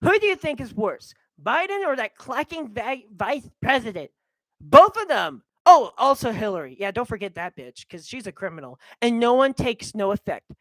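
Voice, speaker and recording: Brief: young adult woman vlogger, heated rant, lively swooping pitch, dry close sound. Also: normal speed, no room sound, poor audio. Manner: heated, animated ranting. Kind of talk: ranting monologue.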